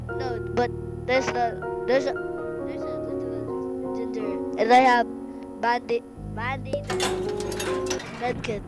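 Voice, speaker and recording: A woman's voice: a little high, slow, long pauses, over loud music, poor audio. A woman playing a video game and commenting, jumpy and shrieky, with bursts of squealing and laughter. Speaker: gamer streaming play.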